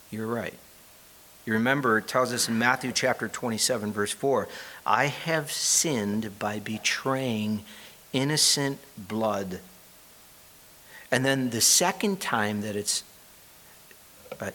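Man, preacher, sermon, mid-range pitch, conversational, reads scripture aloud, asks listeners questions. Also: pushed and bright. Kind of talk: sermon, Bible teaching.

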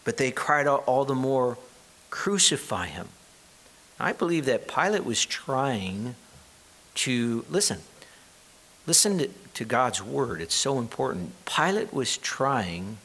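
A man delivering a Bible sermon at a mid-range pitch. He reads the passages aloud and then explains them plainly and conversationally, and now and then he asks his listeners a question. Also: a bit bright. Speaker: preacher.

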